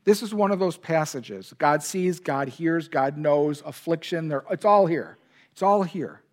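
This man's voice sits on the high side, unhurried and lively in intonation. As a pastor giving an earnest sermon, he stresses key words and delivers God's lines with emphasis and feeling.

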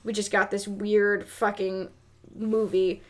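A woman co-hosting a casual podcast, reviewing a movie in a rambling, sweary, animated way. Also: mid-range voice, slow. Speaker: podcast co-host.

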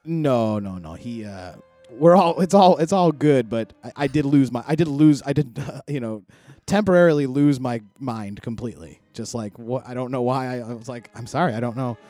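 A middle-aged man chatting as a podcast co-host, telling a long, rambling story full of swearing and loud quoted outbursts. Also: mid-range voice, moderate pace, faint music behind. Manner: rambling, profane, animated when quoting others. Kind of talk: casual chat, storytelling.

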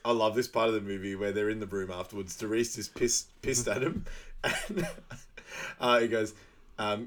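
A man's voice: on the low side, normal speed, fairly bright tone. A man co-hosting a podcast, casually recapping a film, laughing often and acting out quoted lines. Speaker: podcast co-host.

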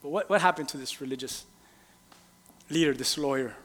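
A male pastor preaching a sermon in a casual, animated way, firing rhetorical questions at the congregation. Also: medium pitch, fairly quick. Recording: long reverb in a large hall.

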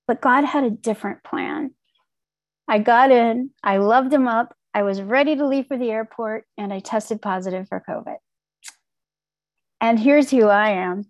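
A woman's voice: fairly high pitch, unhurried, no room sound, dull audio. A woman telling a candid, wry personal recovery story, acting out her own inner voices. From Texas. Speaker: speaker sharing a recovery story. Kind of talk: personal testimony talk.

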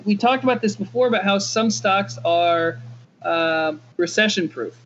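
A man with a notably high voice argues his side in a casual podcast chat, pressing his point again and again. The sound is dull and lo-fi. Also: fairly even intonation, normal speed, fairly bright tone, a little hiss or hum. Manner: insistent, argumentative. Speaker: podcast co-host.

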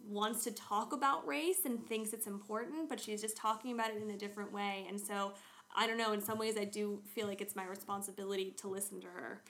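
A woman's voice: medium pitch, fairly even intonation, brisk, a bit bright. A woman co-hosting a podcast, chatty and enthusiastic, often cheering and laughing along. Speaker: podcast co-host. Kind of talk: casual podcast chat.

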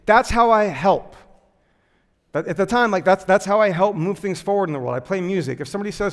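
A man giving a sermon, telling a self-deprecating personal story in a lively way with lots of filler words before turning to teaching. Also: high voice, brisk, in a large hall. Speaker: pastor.

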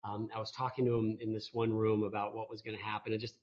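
A man's voice: on the low side, completely flat delivery, fast. A man telling a rambling, self-mocking story as a guest on a video call interview. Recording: muffled video call audio.

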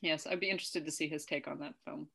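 A woman co-hosting a relaxed podcast chat, her voice bright and a little sharp. She talks in a chatty way and laughs often. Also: deep voice, fast talker, creaky. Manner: chatty, laughs often, quotes lines playfully. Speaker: podcast co-host. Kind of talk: casual chat.

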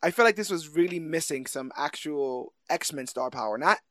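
A man co-hosting a casual podcast, retelling a film with animated energy and frequent laughter. His voice sits a little high, and the sound is dry and close. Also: moderate pace, dry recording. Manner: animated, laughing, acts out scenes. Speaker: podcast co-host. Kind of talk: casual movie review chat.

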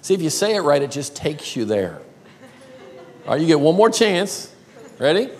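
An older man from South Carolina with a Southern accent, preaching a playful sermon and drawing words out slowly. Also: on the high side, big pitch swings, darkish tone. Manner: playful, drawls words slowly, calls crowd y'all. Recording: long hall reverb.

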